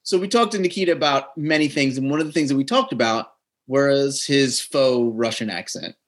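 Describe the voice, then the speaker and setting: A man's voice: medium pitch, moderate pace. A man from New Jersey co-hosting a podcast, telling stories in a playful, chatty way. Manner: playful, animated storytelling with laughs. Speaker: podcast co-host. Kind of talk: casual podcast chat.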